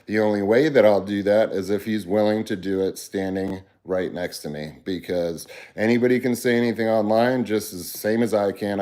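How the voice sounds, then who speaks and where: A man's voice: on the low side, darkish tone. A man hosting a casual livestream, talking bluntly and earnestly to his viewers and rambling through restarts. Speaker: livestream host.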